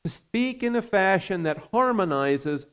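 A man preaching a sermon as pastor, earnest and measured, with frequent fillers. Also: high-pitched, animated, fairly bright tone, clear, resonant tone.

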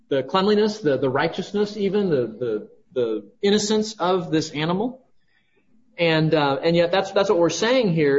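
A man's voice: high-pitched, highs cut off. A man preaching a sermon, teaching through a scripture passage verse by verse and checking in with listeners with frequent "right?" asides. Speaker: pastor.

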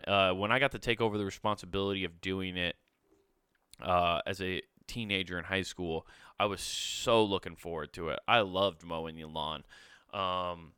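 A man's voice: fairly low pitch, bright, forceful tone, clean tone, no room sound, studio quality. A man hosting a podcast, rambling enthusiastically in casual chat with lots of swearing. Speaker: podcast host.

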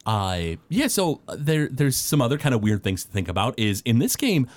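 Animated man rambling about retro games. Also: mid-range voice, normal speed. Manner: rambling, many fillers and restarts. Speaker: podcast co-host. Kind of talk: casual chat.

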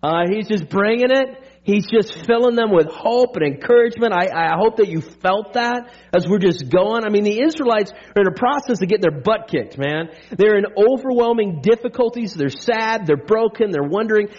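High-voiced man preaching a lively sermon. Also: moderate pace, hardly any pauses. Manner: energetic and conversational, with frequent "right?" asides; playful humor and pop-culture jokes. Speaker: pastor. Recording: dull lo-fi sermon recording.

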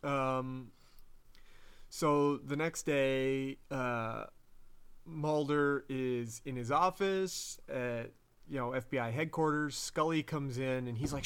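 Man, podcast host, casual recap, chatty, laughing, mid-pitched voice. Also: slow, a bit bright, clear, resonant tone. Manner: chatty, laughing, acts out quotes in bigger voices.

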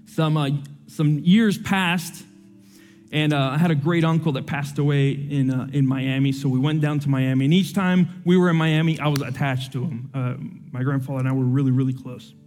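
A young man preaching to a church, telling a personal story with animated swings, then praying softly. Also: normal speed, faint music behind. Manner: animated storytelling, soft and low in prayer. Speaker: pastor. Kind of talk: sermon with personal story and prayer.

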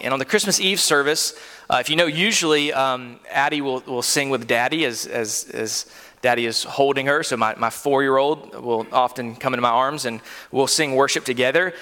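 A man's voice: medium pitch, normal speed, pushed and bright. A man in his thirties preaching a sermon in a church, earnest and conversational, with frequent fillers and restarts. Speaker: pastor. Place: church sanctuary. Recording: long hall reverb.

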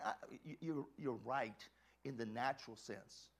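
A male pastor preaching a sermon, swinging from hushed, quiet lines to fervent shouts, often repeating words and restarting sentences. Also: mid-range voice, unhurried, vocal fry.

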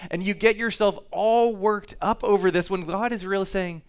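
Conversational preacher with a smooth voice. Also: male voice, high-pitched, fairly even intonation, normal speed. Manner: conversational preaching, reads scripture aloud, repeats words. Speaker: pastor. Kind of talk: sermon.

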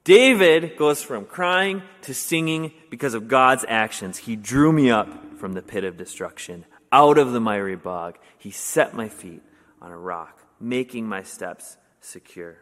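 A young adult man preaching a sermon in a casual, conversational way, with many fillers, getting animated when he tells stories. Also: medium pitch, a little slow. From Wisconsin, US. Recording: long hall reverb.

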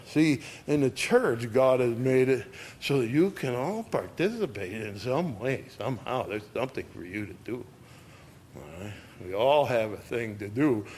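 Older man preaching a conversational sermon. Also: a little mellow. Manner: conversational, reads scripture with raised pitch and volume; asks the audience "all right?".

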